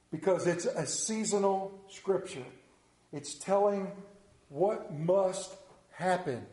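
High-pitched pastor preaching in an echoey church. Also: male voice. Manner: animated storytelling, acts out voices, asks the congregation questions. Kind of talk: sermon.

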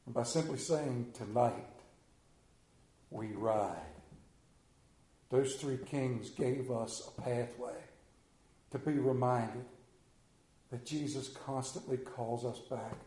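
A man preaching a sermon, with a slow, dramatic delivery that swings from loud to hushed. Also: medium pitch, steady tone, echoey room. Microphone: camera.

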